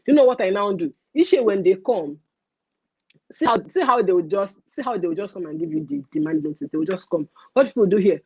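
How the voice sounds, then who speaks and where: A young woman with a Nigerian accent hosting a casual livestream rant, animated and mixing in pidgin phrases. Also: mid-range voice, fast talker, husky, dry recording, dull audio. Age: young adult. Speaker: livestream host.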